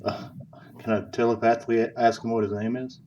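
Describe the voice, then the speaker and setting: A man playing a tabletop game, asking the game master quick questions. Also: mid-range voice, level tone, darkish tone, a little hiss or hum. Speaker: player. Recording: distant dull lo-fi mic.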